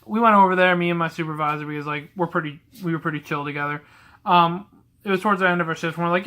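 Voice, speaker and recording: A man's voice: high voice, fairly even intonation, fast, bright, forceful tone. A young man in his twenties telling blunt, rambling stories to camera about a past job. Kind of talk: casual storytelling to camera.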